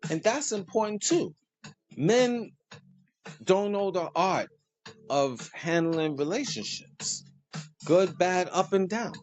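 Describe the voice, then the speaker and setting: A man hosting a casual monologue, preachy and animated, joking and laughing at his own lines. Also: high voice, slow pace, pauses often, soft background music. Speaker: host.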